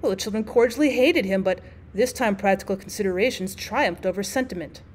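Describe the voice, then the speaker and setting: A woman teacher reading a classic short story aloud, expressive, with an occasional stray filler word. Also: mid-range voice, a little fast. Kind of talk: audiobook narration of a classic story.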